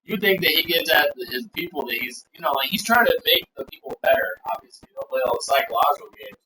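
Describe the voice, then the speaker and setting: A man's voice: fairly high pitch, big pitch swings, fast talker, bright, forceful tone. A man co-hosting a livestream, rambling profanely through a story and acting out the quotes in a casual rant. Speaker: livestream co-host. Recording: echoey room, distant mic, faint noise.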